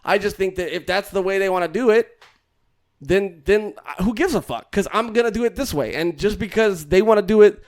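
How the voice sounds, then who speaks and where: High-voiced joking podcast host man. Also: brisk, darkish tone. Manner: loose and jokey, swears casually. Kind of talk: casual podcast banter.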